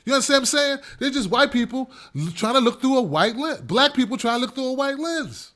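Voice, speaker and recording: A man's voice: very high voice, big pitch swings, fairly quick, fairly bright tone. A man hosting his own show, delivering an emphatic, repetitive opinion monologue with a ranting edge. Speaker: show host.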